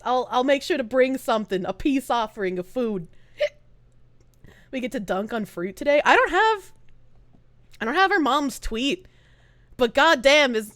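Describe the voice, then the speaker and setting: A woman's voice: a little high, fairly bright tone, no room sound. A young woman with a Boston accent streaming live, chatting casually, swearing a lot and laughing often. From Boston area, US. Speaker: streamer, VTuber. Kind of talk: casual livestream chat and rants. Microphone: streaming microphone.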